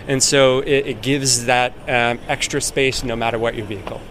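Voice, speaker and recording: A man's voice: mid-range voice, brisk, few pauses, a bit bright. A man representing a company, explaining a product in a friendly, easygoing interview at a busy show. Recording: faint background noise.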